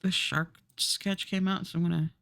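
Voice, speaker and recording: A woman's voice: lowish voice, flat delivery, moderate pace, vocal fry, fairly bright tone, clean tone, no room sound. Chatty woman streamer, dry sound. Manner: chatty, rambling, laughs often. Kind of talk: casual live-stream chat while drawing. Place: home streaming setup.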